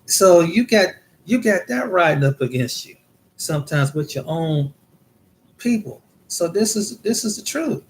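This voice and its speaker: A man's voice: sits high, animated, a little slow, a little hiss or hum. A man from the United States talking in a casual monologue, rambling and repeating words as he tells his experiences. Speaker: vlogger.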